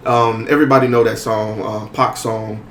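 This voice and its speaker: A man's voice: fairly low pitch, moderate pace. Casual male podcast host, echoey room. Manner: relaxed, conversational, many fillers. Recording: echoey room with faint noise.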